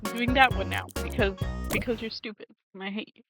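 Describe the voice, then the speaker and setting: A woman's voice: mid-range voice, brisk. Ranting young woman gamer over music. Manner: ranting, exasperated, self-interrupting. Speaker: gaming vlogger. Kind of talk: casual chat while playing a video game. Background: music under the talk.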